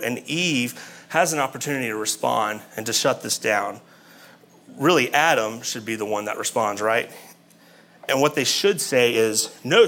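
A man's voice: mid-range voice, a bit bright. A man preaching a sermon, talking conversationally and asking his listeners questions.

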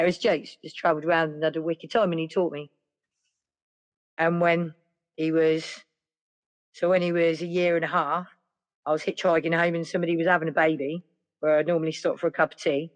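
A middle-aged woman, a podcast guest telling stories in a lively, casual way. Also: low-pitched. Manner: lively, acts out other people's voices. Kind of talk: casual storytelling.

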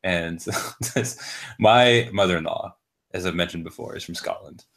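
A man's voice: sits low, measured pace, fairly bright tone. A man in his thirties co-hosting a podcast, telling stories with profane jokes and frequent laughs. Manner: joking, profane, laughs often. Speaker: podcast co-host. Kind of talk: crude casual podcast banter.

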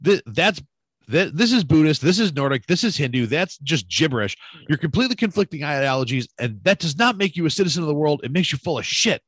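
A man's voice: on the high side, animated, rapid-fire, dry recording, pitched above the performer's own voice, close to an everyday voice. A cocky English rock star drawls his put-downs in a raised, sneering voice, as a man puts on the accent. He sounds self-assured and scornful. The recording is dry and close, with no room sound.

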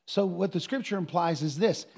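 High-voiced pastor preaching animatedly. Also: male voice, moderate pace, creaky, slightly rough. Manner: animated preaching, with quoted voices and bursts of singing. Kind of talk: sermon with questions from the congregation.

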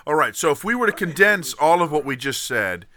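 A man's voice: fairly high pitch, sing-song, fairly quick, sharp tone. A man hosting a comedy podcast, playful and laughing often as he steers the chat. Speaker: podcast host.

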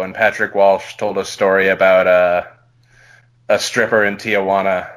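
A man co-hosting a podcast, reading a listener's story aloud in a slow, hushed, put-on sexy voice. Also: on the low side.

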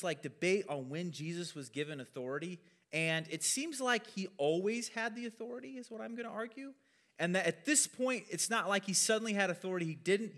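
A male pastor delivers a relaxed teaching sermon, talking through scripture in a loose, conversational way and dropping self-deprecating asides. His voice sits a little high for a man.

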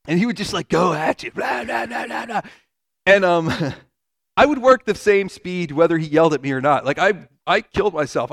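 A man preaching a sermon as a pastor, earnest and conversational, with casual asides. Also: fairly high pitch.

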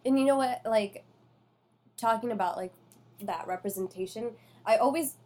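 A woman hosting a casual chat, talking in an animated, chatty way full of fillers. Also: on the high side, moderate pace, faint music behind.

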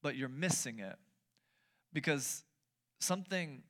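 A man preaching a sermon, playful and lively, asking the audience questions and joking between points. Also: on the high side, unhurried. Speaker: pastor.

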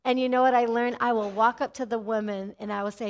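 A middle-aged woman pastor preaching an animated sermon and often calling out "amen". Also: a little high, fast talker.

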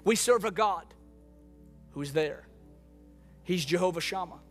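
A man's voice: high-pitched, measured pace, faint music behind. A man preaching a sermon to a congregation in a church room, impassioned, repeating phrases for emphasis. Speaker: pastor.

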